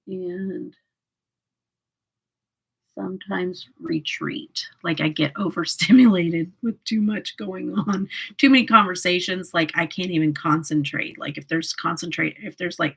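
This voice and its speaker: Woman, husky voice, chatty livestream host doing her makeup and reading viewer comments aloud, laughs a lot. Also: lowish voice, rough recording. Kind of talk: casual livestream chat while doing makeup.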